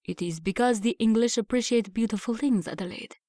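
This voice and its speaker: Woman narrator doing a teasing French theatre manager, soft French accent, dry read. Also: fairly high pitch, fairly quick, no room sound, close to an everyday voice. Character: charming French theatre owner, young man, playful.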